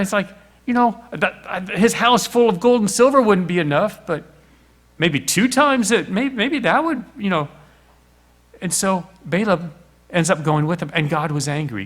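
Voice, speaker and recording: A middle-aged man preaching a sermon, telling the story with little acted voices and rhetorical questions. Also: sits high.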